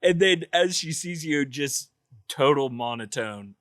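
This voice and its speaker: A man's voice: fairly high pitch, lively intonation, fairly bright tone, no echo, studio quality. A man co-hosting a casual podcast, chiming in with jokes and laughter. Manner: jokey, laughs often, quick quips. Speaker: podcast co-host. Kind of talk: casual chat.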